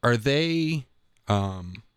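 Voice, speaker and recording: A man hosting a conversation, asking questions haltingly as he searches for the right words. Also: mid-range voice, lively intonation, heavy background noise. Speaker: podcast host, school principal. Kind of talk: interviewing guests.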